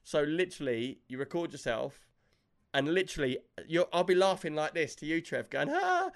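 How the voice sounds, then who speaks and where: A man hosting a gaming podcast, telling stories in an animated way and laughing often. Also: fairly high pitch, moderate pace. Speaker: podcast host. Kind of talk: casual chat.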